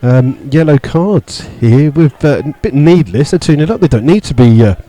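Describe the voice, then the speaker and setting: A man giving live radio football commentary from the stand, steady play-by-play with many fillers, rising sharply when he disputes a call. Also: on the high side, normal speed, rough recording. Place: stadium stand among fans.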